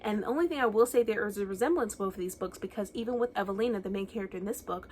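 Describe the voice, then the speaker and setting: A young woman from the United States gushes about her favorite reads in a casual home video. Her voice sits at an ordinary middle pitch, and a faint hiss of background noise stays under it. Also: very fast, darkish tone. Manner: gushing and enthusiastic, with many restarts. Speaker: book reviewer. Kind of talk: casual book wrap-up chat.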